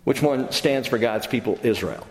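A man preaching a sermon as pastor, reading scripture slowly and building to emphatic, lively bursts. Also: medium pitch. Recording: roomy hall with long reverb.

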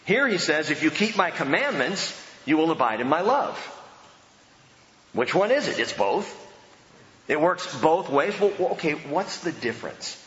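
A man delivers a sermon from a church pulpit, slightly high-pitched and very animated in his delivery. He mixes emphatic points with casual, joking asides. The sound is dull and lo-fi, with a long echo from the hall. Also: moderate pace. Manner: conversational, emphatic preaching with asides. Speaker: pastor. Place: church sanctuary.

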